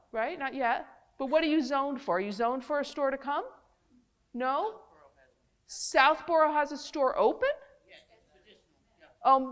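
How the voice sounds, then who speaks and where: Middle-aged New woman doctor, lively and chatty talk to a community crowd. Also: high-pitched. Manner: animated, chatty, talks straight to the audience. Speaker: physician giving a public talk. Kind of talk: lively public health lecture.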